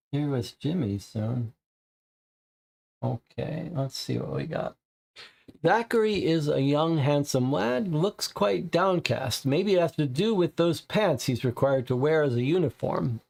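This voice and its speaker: A man's voice: a little high, a little slow, creaky, a little mellow. A man narrating a noir tabletop game for viewers, with chatty asides. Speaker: game host playing a solo noir case.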